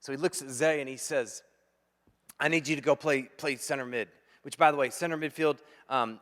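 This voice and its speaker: A man in his thirties, a pastor preaching a sermon, telling a funny story in an animated, jokey way. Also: medium pitch. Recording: long hall reverb.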